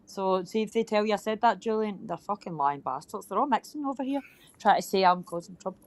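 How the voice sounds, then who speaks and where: A woman's voice: medium pitch, expressive, a little fast. A woman hosting a livestream in casual chat, teasing people with lots of swearing and laughter. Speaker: livestream host.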